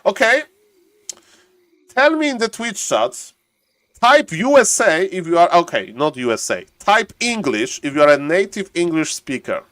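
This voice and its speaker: Excitable man casting a live game. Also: high voice, dry recording. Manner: excitable, chatty, laughs often, halting restarts. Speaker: game caster and streamer. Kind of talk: live game commentary on stream.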